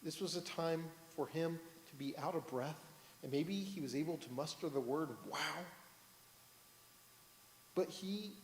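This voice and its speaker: Casting: male rabbi, fairly high voice, lively sermon storyteller, echoing synagogue hall. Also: slight background noise. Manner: storytelling, asks the congregation questions. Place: synagogue sanctuary, on the bima. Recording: echoey hall, roomy reverb.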